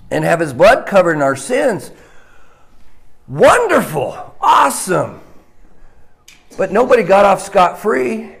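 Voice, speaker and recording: A man preaching a sermon, swinging between loud stressed words and hushed, low lines. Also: creaky. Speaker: pastor.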